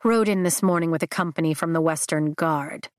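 Lady doing an older bearded rider guy, dry, matter of fact, low-ish, dead dry room. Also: a little fast, no room sound, natural voice.

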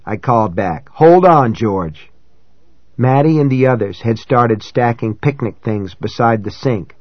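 A man reading a novel aloud in first person, in a measured, dramatic way that rises for shouted dialogue. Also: medium pitch, no echo, muffled recording. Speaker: audiobook narrator. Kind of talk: scripted first-person narration.

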